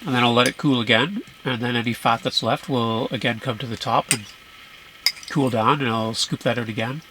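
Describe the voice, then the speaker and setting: A man talks at an easy pace at a winter camp, explaining patiently. His voice is of medium pitch, with clear background noise around him. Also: moderate pace, bright, forceful tone, poor audio. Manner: explanatory, easygoing. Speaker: camping companion. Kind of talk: casual chat.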